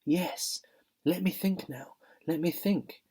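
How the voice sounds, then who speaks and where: A man voicing an old cab horse who speaks slowly and thoughtfully, as if half remembering. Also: on the high side, mellow, voice pushed up. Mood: dreamy. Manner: slow and thoughtful, halting.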